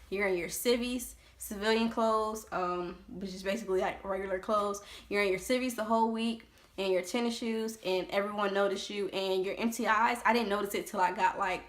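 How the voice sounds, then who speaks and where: A woman in her twenties telling a story to her vlog audience in a loose, animated way, full of fillers. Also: medium pitch, normal speed. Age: 20s. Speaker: vlogger. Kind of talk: casual storytelling to camera.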